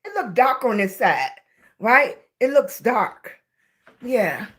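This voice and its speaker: High-voiced, unhurried Southern woman streaming live. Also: sing-song, fairly bright tone, husky. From Southern United States. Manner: chatty, greets viewers by name, calls them baby. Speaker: livestream host. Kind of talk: casual livestream chat with viewers.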